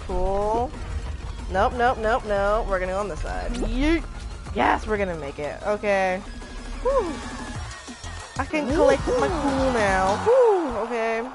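A young woman streaming live, excitedly talking to herself and her chat as she plays. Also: mid-range voice, unhurried. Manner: excitable, talks to herself and chat while playing. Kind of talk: live gameplay commentary. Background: game music.

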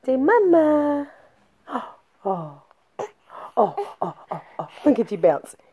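A middle-aged grandmother in slow, soft, sing-song baby talk, coaxing an infant. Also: high-pitched, big pitch swings, husky, phone-quality sound.

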